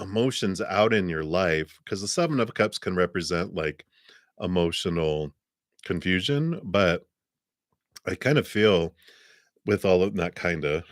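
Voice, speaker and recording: A man giving a live-stream tarot reading, soft-spoken and meandering with many fillers, talking around a cough drop. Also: low-pitched, no room sound, studio quality. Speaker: tarot reader.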